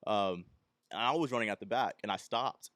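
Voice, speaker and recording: Low, smooth young man telling a story. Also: normal speed, a bit bright, no room sound, clean studio sound. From Texas. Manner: rambling anecdote, acting out the people he quotes. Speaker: podcast host. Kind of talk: casual solo podcast storytelling.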